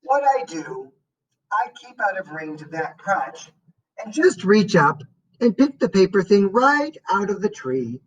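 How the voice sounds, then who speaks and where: A woman reading a first-person story aloud as an audiobook narrator, in a slow and expressive way. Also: medium pitch, breathy edge, dull audio.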